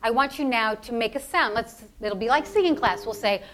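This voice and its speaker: High-voiced woman coaching a breathing workshop. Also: a little fast, a bit bright. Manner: coaching, encouraging, playful. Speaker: public speaking instructor. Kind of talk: live voice workshop with audience exercises. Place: lecture hall with audience.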